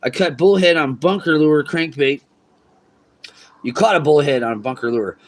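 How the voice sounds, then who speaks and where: Man, slightly high voice, casual cursing chat, riverbank livestream. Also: normal speed. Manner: laid-back, swears freely, talks to chat. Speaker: fishing livestream host. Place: outdoors on a riverbank.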